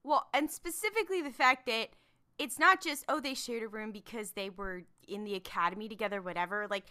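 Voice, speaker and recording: A woman chatting casually as a podcast panelist, animated and profane, rambling with lots of fillers. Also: a little high, brisk. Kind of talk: casual fan discussion.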